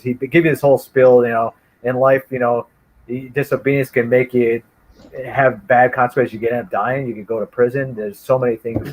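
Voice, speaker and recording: A man telling a childhood story in casual chat, rambling and animated, with many restarts. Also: mid-range voice, fairly quick, low-quality recording. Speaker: guest storyteller.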